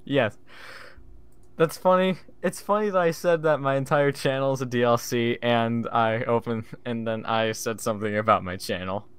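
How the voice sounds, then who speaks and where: A man co-hosting a casual podcast, relaxed and joking as he tells a story. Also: mid-range voice, normal speed, smooth. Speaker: podcast co-host. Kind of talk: casual chat.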